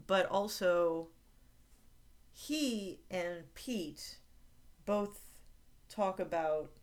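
A woman's voice: fairly low pitch, drawn-out words. A woman co-hosting a podcast in casual chat, talking in a chatty way with lots of filler words. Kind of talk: casual chat recapping a TV episode.

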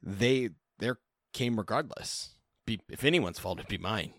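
A guarded young fighter, terse and awkwardly gentle, as a man voices him at a game table. The voice sits low and speaks in short, halting bursts. The sound is dry and close. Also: expressive, no room sound, exaggerated voice. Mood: reassuring.

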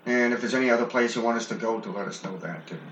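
A man's voice: mid-range voice, very fast, fairly bright tone. A man co-hosting a paranormal investigation show, plainly agreeing and talking through recordings. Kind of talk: casual commentary on recordings. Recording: echoey, muffled lo-fi recording with faint hiss.

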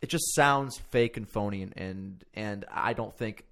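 A man's voice: fairly low pitch, unhurried, a bit bright. Rambling, swearing man in casual chat. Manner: rambling, swears a lot, self-mocking. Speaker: podcast co-host. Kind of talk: casual profane political chat.

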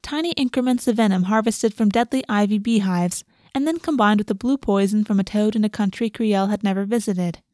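Brief: female storybook narrator; even, steady delivery; mid pitch; dry recording. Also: fairly quick, hardly any pauses, dry recording.

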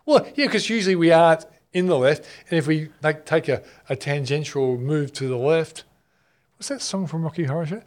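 A man's voice: a little high, brisk. An Australian man co-hosting a talk show, bantering casually and introducing guests with jokes and frequent fillers. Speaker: co-host.

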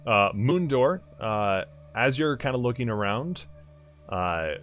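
A man's voice: medium pitch, expressive, takes it slowly, fairly bright tone, faint music behind. A young man running a tabletop game as game master, narrating loosely with many fillers and frequent laughs. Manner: rambling, lots of "like" and "kinda", laughs often.

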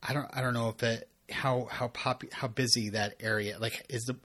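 A man in his thirties talks through TV episodes on a podcast, rambling and restarting his sentences, chuckling as he goes. His voice sits at an ordinary middle pitch. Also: steady tone, moderate pace, fairly bright tone. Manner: rambling, self-interrupting, chuckling. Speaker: podcast co-host. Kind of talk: casual recap chat.

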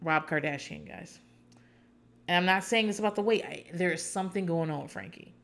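A woman's voice: fairly low pitch, fairly quick, creaky, a bit bright. A woman hosting a podcast, recapping a reality show in casual, rambling chat with sarcastic asides.

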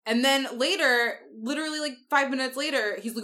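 A woman's voice: sits high, fairly quick, hardly any pauses, fairly bright tone. A young woman co-hosting a podcast, retelling a book plot in sarcastic, swear-heavy casual chat. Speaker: podcast co-host.

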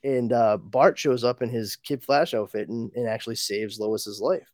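A man's voice: mid-range voice, normal speed, dry recording, studio quality. A man hosting a comic book podcast, retelling the story casually, laughing often and acting out the characters' lines. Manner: animated, laughs often, acts out dialogue.

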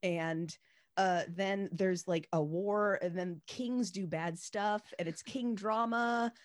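A woman's voice: mid-range voice, slow. A woman co-hosting a podcast in casual chat, retelling a story in irreverent slang with lots of fillers. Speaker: podcast co-host.

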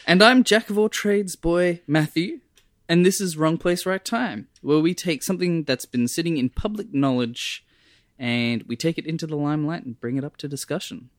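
A man hosting a casual podcast chat, playful and quick with laughing asides. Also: on the high side, no echo, studio quality. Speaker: podcast host.

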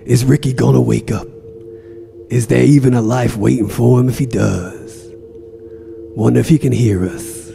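A man voicing a gruff aging mobster lying in a coma, profane and brooding, in a comedy podcast sketch. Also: mid-range voice, fairly even intonation, normal speed, long pauses, dark tone, soft background music. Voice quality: gravelly, profane, tough-guy drawl.

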